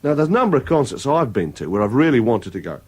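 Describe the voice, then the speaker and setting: A chatty Englishman on a radio programme, his pitch leaping up and down as he tells rambling stories. He speaks at a middling pitch and breaks into little mock voices to get a laugh. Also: very animated, fast talker, slightly rough. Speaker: regular radio contributor. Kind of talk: casual radio chat.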